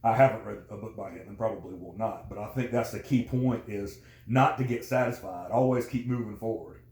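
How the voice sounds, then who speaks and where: A man with a lowish, slightly mellow voice chats casually as a guest at a brisk clip. He rambles, filling his speech with fillers and restarts. The recording has a roomy echo.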